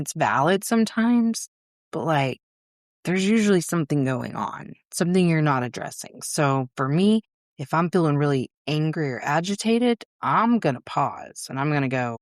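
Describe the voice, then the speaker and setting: A woman's voice: deep voice, animated, normal speed, no room sound, clean studio sound. Frank, swearing woman podcast host. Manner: casual and frank, swears freely; acts out her inner voice in quotes. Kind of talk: solo podcast talk.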